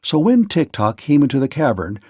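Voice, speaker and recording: A man reading a children's storybook aloud in a steady, expressive way. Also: a little high, fairly quick, breathy edge, dry recording.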